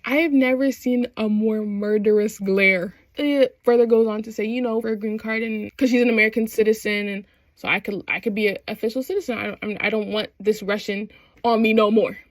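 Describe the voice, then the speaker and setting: A woman chatting excitedly through a show recap, slangy and quick to laugh. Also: medium pitch, no room sound. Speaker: vlogger.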